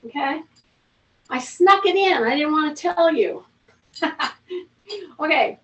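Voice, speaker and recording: A woman's voice: sits high, expressive, slow pace, a bit bright, distant mic. A woman fitness instructor leading a seated strength class at home, coaching in a chatty way and calling out breaths and reps. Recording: roomy, from off-mic, faint noise.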